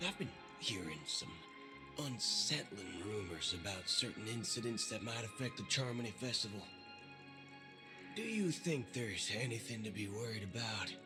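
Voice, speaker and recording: A man's voice: fairly low pitch, animated, normal speed, over music, natural voice. A man voicing a wisecracking, impatient young traveler in a game dub. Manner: sarcastic, mild fake swearing.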